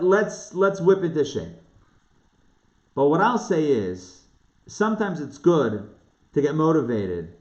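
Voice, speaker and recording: A man giving a casual Torah lesson as a rabbi, talking conversationally and asking his listeners questions. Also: a little high. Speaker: rabbi teaching a live online class. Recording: echoey room, dull lo-fi sound.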